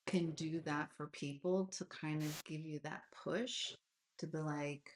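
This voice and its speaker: A woman's voice: low voice, fairly even intonation, unhurried, slight background noise. A woman in her forties hosting a live session over a video call, talking casually and candidly in a rambling way, with lots of fillers. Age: 40s. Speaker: host of a live astrology session. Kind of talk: casual live-stream chat.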